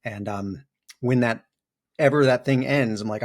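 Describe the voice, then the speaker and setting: A man's voice: medium pitch, a little slow. A middle-aged man with a mid-range voice talks as a podcast guest, thoughtful and open. He tells his stories with energy and slips into playful voices when quoting people. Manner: animated storytelling with playful acted-out quotes. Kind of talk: reflective interview talk.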